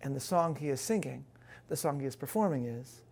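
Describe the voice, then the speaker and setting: A man's voice: mid-range voice, expressive, fairly quick, gravelly, darkish tone, breathy edge. A man giving a prepared talk on faith to an audience, earnest and building emphasis, with a few self-deprecating asides.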